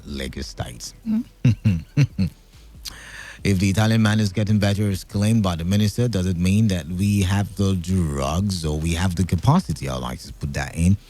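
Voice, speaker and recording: Animated Nigerian man hosting call-in radio. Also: lowish voice. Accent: Nigerian English. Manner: animated, laughing, thinking aloud with frequent fillers. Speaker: radio talk show host.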